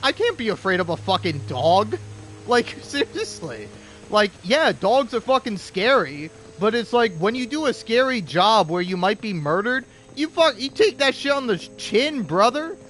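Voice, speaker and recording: A young man with a high, light voice rants sarcastically while he plays a game. His talk rambles and is full of swearing, delivered in a loose, offhand way. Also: a bit bright. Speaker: gaming commentator. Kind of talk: casual ranting gameplay commentary.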